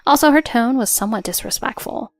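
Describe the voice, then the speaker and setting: A woman giving a calm, measured first-person narration of a scripted family drama story. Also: fairly high pitch, dry recording, faint music behind.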